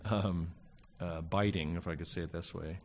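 Deep-ish guy teaching greek grammar, lots of uhs and ums, dry little jokes. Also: fairly even intonation, moderate pace, a little hiss or hum. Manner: hesitant, many fillers, wry asides. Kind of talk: classroom lecture on Greek grammar.

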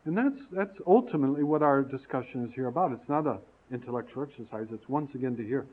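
A man's voice: mid-range voice, animated, fast talker. A man giving an earnest, storytelling sermon-style talk that rises to emphatic peaks, heard over a tinny, phone-like radio recording.

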